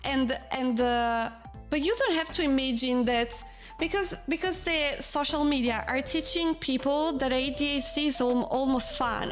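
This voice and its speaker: A woman from Switzerland chatting casually on a live stream, rambling and animated, frank and sometimes swearing. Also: sits high, a little slow, faint music behind.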